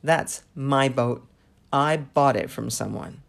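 A woman's voice: extremely low pitch, slow, creaky, heavily acted. A woman reading a firm shopkeeper. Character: firm old male shopkeeper.

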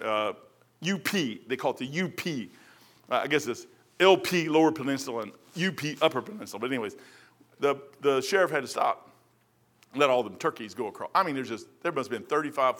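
A man, preaching in a folksy, storytelling way and acting out the voices of people in his anecdotes. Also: medium pitch. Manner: animated, acts out voices in anecdotes.

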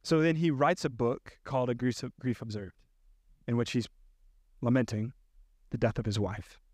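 A man's voice: medium pitch, normal speed, darkish tone, no echo, clean studio sound. A male pastor preaching a sermon, earnestly reading quoted passages aloud. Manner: earnest, reads quotes with rising intensity.

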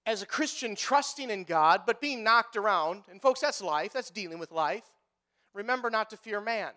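A man preaching as a pastor, swinging between hushed lines and loud, pleading outbursts, with emphatic repeated phrasing. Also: high-pitched, expressive, normal speed. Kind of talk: preaching a sermon.

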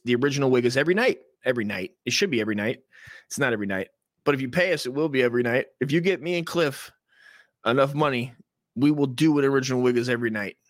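A man's voice: mid-range voice, a bit bright, no echo. Profane rambling male podcast host, dry sound. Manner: rambling, profane, self-interrupting. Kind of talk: casual rant.

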